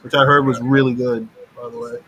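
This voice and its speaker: A man co-hosting a casual wrestling watch-along, measured and informative as he shares news. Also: mid-range voice, level tone, a bit bright, dull audio. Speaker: podcast co-host.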